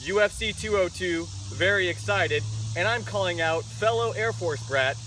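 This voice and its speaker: A man's voice: high-pitched, normal speed, sharp tone. A man vlogging a fitness challenge on a farm, talking in a playful, upbeat and jokey way. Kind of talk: casual to-camera vlog. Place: outdoors on a farm. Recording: distant outdoor mic with faint rural noise.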